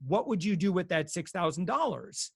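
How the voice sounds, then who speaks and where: A man talking as a guest consumer expert, animated and chatty with frequent fillers. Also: sits high, moderate pace, creaky, husky, no echo, clean studio sound. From United States. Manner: animated, many fillers, acts out quotes. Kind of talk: casual explanatory talk.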